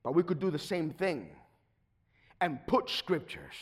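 A middle-aged man preaching a sermon, swinging between quiet, steady teaching and sudden loud, shouted bursts. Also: a little high, measured pace, husky. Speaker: pastor.

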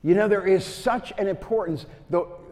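A male preacher delivers a sermon through a story, acting out the voices of the people in it. His voice sits a little high, and he swings between loud emphasis and hushed, intimate moments. Long reverb trails behind him in the hall. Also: moderate pace. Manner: animated, acts out quotes, swings from loud to hushed.

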